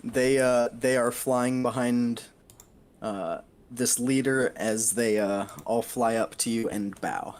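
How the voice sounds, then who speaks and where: A man narrating as game master, halting with fillers and laughing often. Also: mid-range voice, fairly even intonation, a little mellow.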